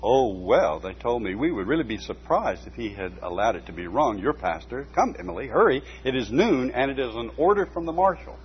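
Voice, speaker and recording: Piping stubborn little old churchwoman, a guy putting her on, slow and firm, dull lo-fi sound with a faint hum. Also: mid-range voice, lively intonation, natural voice. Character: small sturdy older woman custodian, stubborn, slow-speaking, piping.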